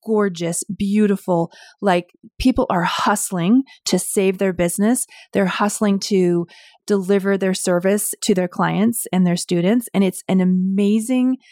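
A woman's voice: mid-range voice, a little slow, darkish tone, no room sound, studio quality. Earnest, emphatic woman co-host. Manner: earnest, emphatic, repeats phrases for weight. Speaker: business co-founder and podcast co-host. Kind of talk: casual conversation.

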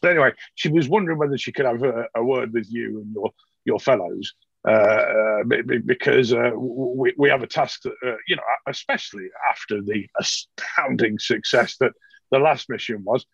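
A man's voice: medium pitch, normal speed, gravelly, fairly bright tone, breathy edge, no room sound, muffled recording. A man voicing a fussy, self-important male official who stammers and fusses. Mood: flustered.

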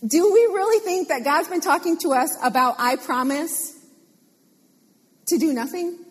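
High-voiced woman preaching with animated repetition. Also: fairly quick. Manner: animated, repeats phrases for emphasis. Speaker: pastor. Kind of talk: sermon. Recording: long hall reverb.

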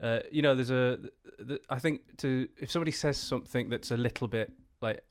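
A man from the Black Country with a Black Country accent, a comedian chatting as a podcast guest, halting with many restarts and easy laughs. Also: medium pitch. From Black Country, England. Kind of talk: casual podcast chat.

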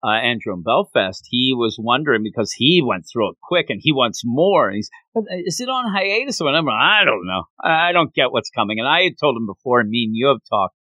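A man co-hosting a podcast, recapping a manga chapter in an excitable, rambling way. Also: medium pitch, brisk, hardly any pauses, dry recording, low-quality recording. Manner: excitable, rambling, acts out quotes. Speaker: podcast co-host.

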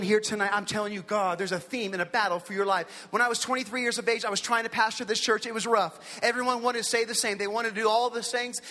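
A man in his forties preaching a lively storytelling sermon, acting out the people in his stories. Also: extremely high pitch. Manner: animated, impersonates characters in his stories. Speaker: pastor. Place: large hall with an audience. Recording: long hall reverb.

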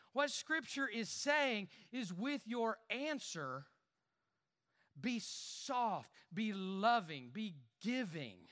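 A man preaching a sermon, animated, with repeated words, quiet asides and loud emphatic lines. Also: high-pitched. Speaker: pastor.

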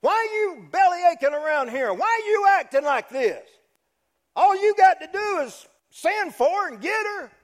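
A preacher puts on a brash young buddy who goads a prince. He pushes hard in a high, strained voice, urgent and insistent. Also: sing-song, moderate pace. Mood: pushy. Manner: urgent, pushy.

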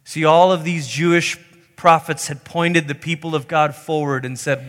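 Male pastor, sermon, emphatic delivery, higher voice with ringing hall reverb. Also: steady tone, moderate pace, a bit bright. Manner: emphatic, voicing quoted pleas in a higher pitch.

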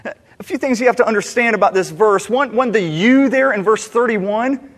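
A man delivers a sermon in a fairly high voice, earnestly probing his own motives through rhetorical questions. His words ring out with a long reverb, as if filling a large church sanctuary. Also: moderate pace. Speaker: pastor.

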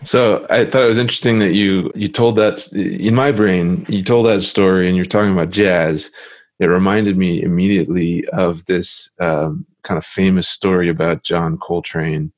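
A man hosting an interview, talking in a relaxed, hesitant way with many fillers. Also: deep voice, normal speed. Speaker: interview host. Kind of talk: casual interview chat.

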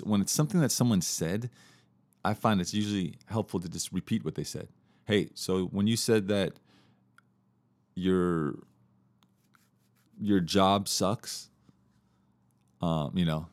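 A man hosting a podcast, teaching communication skills in a relaxed, casual way, with fillers and restarts. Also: fairly low pitch, no echo. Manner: relaxed, repeats himself, many fillers and restarts.

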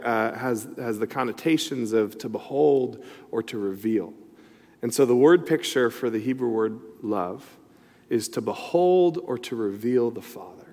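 A middle-aged man preaching a sermon, telling a personal story in a loose, conversational way with many asides. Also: mid-range voice. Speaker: pastor. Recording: long reverb in a large hall.

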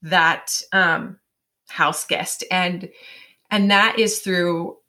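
A woman's voice: lowish voice, very slow. A woman in her forties, a guest in an interview, telling a personal story in a chatty way, full of fillers, often acting out what her inner voice says. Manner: chatty, many fillers, animated self-quoting.

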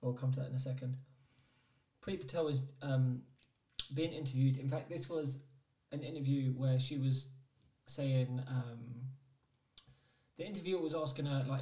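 A man from Scotland co-hosting a casual chat, telling stories in an animated way with plenty of swearing. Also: medium pitch, moderate pace, distant mic. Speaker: podcast co-host. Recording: roomy echo, off-mic.

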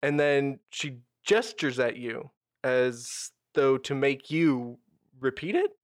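A man narrating a tabletop role-playing game as game master, with measured, descriptive storytelling. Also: medium pitch, lively intonation, no echo, studio quality.

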